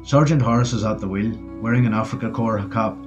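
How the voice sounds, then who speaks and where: A man's voice: on the low side, fairly quick, lo-fi sound, music in the background, natural voice. A man voicing an eager, admiring young British soldier while reading a war story.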